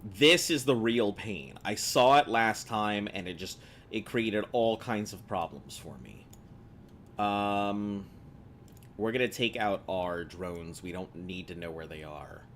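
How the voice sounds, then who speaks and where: A rather low-voiced American man talks his way through a game session, rambling and chatty, amused by his own remarks. A faint hum of room ambience sits under his voice. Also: takes it slowly, fairly bright tone. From United States. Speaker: streamer. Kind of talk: casual gameplay commentary.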